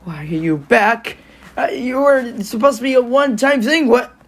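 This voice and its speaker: A young woman voicing a cartoon skit with animated delivery, often shouting and yelping. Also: fairly high pitch, normal speed, over music.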